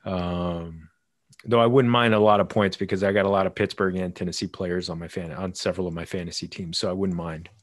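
Low-voiced man in dry sports chat. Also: fairly even intonation, dry recording. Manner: easygoing, quick to laugh along. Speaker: podcast co-host, fantasy football player. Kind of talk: casual sports talk.

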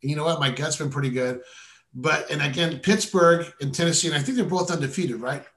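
A man's voice: fairly high pitch, brisk, a bit bright. A man from the San Francisco Bay Area giving his weekly sports betting picks in casual, playful chat. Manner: confident, playful, talks in bursts. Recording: roomy echo.

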